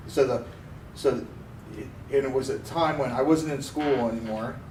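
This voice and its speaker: Male co-host from Pennsylvania, animated storyteller, recorded off-mic in a roomy space with faint noise. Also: mid-range voice, moderate pace, recorded from a distance. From Pennsylvania, USA. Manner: animated storyteller, acts out quoted voices. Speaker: podcast co-host. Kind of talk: casual storytelling chat.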